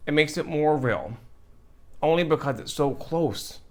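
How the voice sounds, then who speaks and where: An earnest man in his thirties speaks straight to his viewers about a painful event, emotional and heartfelt. His voice sits a little high for a man. He repeats key phrases to drive his point home. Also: expressive, a little slow. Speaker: host. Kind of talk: heartfelt direct-to-camera talk.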